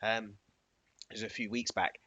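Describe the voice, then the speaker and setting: A man's voice: fairly low pitch, little pitch movement, normal speed, pushed and bright, breathy edge. A man co-hosting a podcast in casual comedic banter, rambling through stories and chuckling often. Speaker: podcast co-host. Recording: dry, muffled lo-fi recording.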